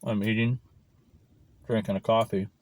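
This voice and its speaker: A man with a lowish voice chats and rambles over lunch, cursing freely. He talks straight to the camera, picked up by the camera mic and not a clip-on. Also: fairly even intonation, moderate pace, darkish tone. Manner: rambling, profane, swears often. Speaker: vlogger. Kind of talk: casual chat while eating lunch.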